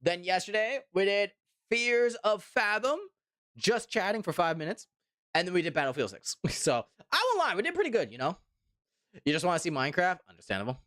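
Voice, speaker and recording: A man's voice: high-pitched, sing-song, fairly quick, bright, forceful tone, dry recording, studio quality. A man in his twenties from Canada, chatting casually on a live stream, rambling and repeating himself while reading chat. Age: 20s.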